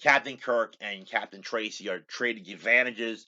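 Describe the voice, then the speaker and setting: A man's voice: fairly low pitch, fairly even intonation, normal speed, sharp tone. Guy rambling through a recap, lots of uh and you know, kinda muffled recording. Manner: rambling storyteller, many fillers and restarts. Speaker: host. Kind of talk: casual episode recap. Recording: dull lo-fi recording.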